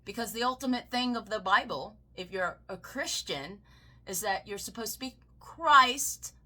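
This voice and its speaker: A woman's voice: expressive, normal speed, pushed and bright. Ranting, swearing Southern woman. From American South. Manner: heated, swearing, swings into high mocking shrieks. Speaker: political commentator. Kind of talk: profane ranting commentary.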